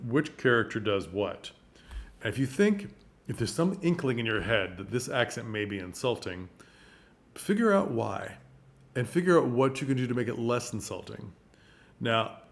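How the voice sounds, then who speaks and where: Brief: male theatre coach, chatty, laughs a lot, mid-pitched voice. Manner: chatty, laughs often, many fillers. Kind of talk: casual talk to camera.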